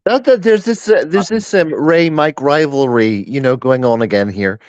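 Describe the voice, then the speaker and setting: A man's voice: a little high, normal speed, a little mellow, no room sound, dull audio. A man co-hosting a casual chat, telling wry, teasing stories. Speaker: co-host.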